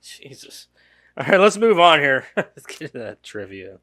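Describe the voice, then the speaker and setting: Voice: medium pitch, sing-song, measured pace. A podcast co-host in casual chat, blunt and casually swearing.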